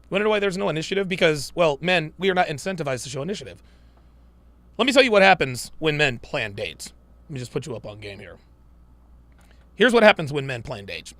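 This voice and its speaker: Male live-stream host, profane, emphatic, preachy, high voice, dry close sound. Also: bright, forceful tone, dry recording. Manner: mocks women in put-on voices.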